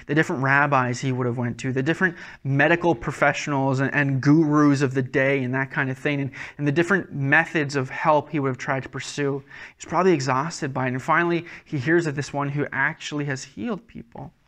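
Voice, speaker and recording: A man's voice: mid-range voice, steady tone, a little fast, a bit bright. A man preaching a sermon as a pastor, earnest and conversational, often restarting his words.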